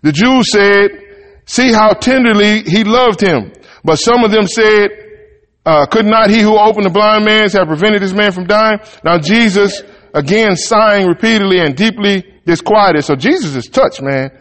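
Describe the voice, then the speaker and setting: A man preaches a sermon in a high-pitched, slightly bright voice at a normal pace, his words echoing as if in a big room. He reads scripture aloud, then breaks off into casual, folksy Southern-style asides to the congregation, keeping the whole thing conversational.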